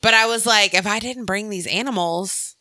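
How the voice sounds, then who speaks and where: Woman, schoolteacher, podcast co-host, chatty, animated, dry close sound. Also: mid-range voice, moderate pace, no room sound. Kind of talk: casual chat.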